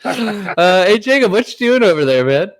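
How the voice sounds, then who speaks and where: A man co-hosting an improv comedy show in casual chat, goofy, giving deadpan absurd answers and laughing, over a voice call. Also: high voice, moderate pace.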